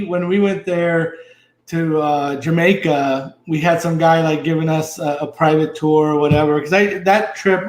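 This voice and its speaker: A man's voice: on the high side, roomy sound. A man chatting as a livestream guest, laid-back and slangy, often chuckling while he talks. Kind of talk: casual chat.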